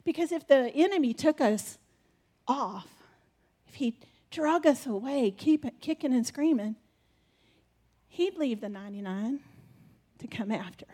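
A woman's voice: high-pitched, animated, unhurried, long pauses, dark tone. A woman preaching animatedly and directing a live skit with her congregation.

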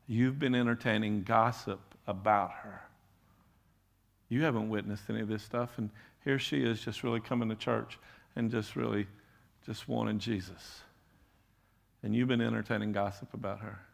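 A man voicing God in a retold story, speaking lower and slower in a solemn, correcting tone. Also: vocal fry. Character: God, male, grave and correcting.

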